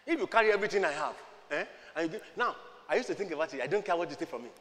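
Male Nigerian preacher, high-pitched, lively sermon delivery, long echo of a church hall. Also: rapid-fire. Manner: animated preaching that swings between quiet and shouting, mixing in Yoruba. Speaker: pastor.

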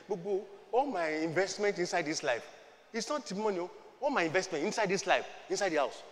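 A man with a Nigerian accent preaching a sermon, swinging from quiet talk to shouting and slipping into Yoruba. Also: high-pitched, animated, brisk, in a large hall. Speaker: pastor.

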